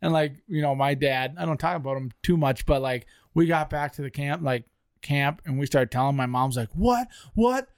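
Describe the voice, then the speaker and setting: A man's voice: medium pitch, a little fast, clear, resonant tone, no echo, studio quality. A man co-hosting a podcast, telling a funny story in casual chat with friends and laughing as he goes. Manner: animated, laughs while telling stories. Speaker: podcast co-host.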